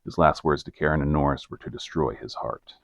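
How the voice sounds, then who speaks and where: A man with a very deep, gravelly voice co-hosts a podcast, relating a case in a deadpan, measured true-crime style. No echo is heard.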